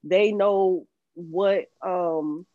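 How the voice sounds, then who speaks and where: A woman co-hosting a casual podcast draws out her words in a voice on the low side. She's candid and earnest, laughing between her points, and while there's no echo, the sound is slightly dull and muffled.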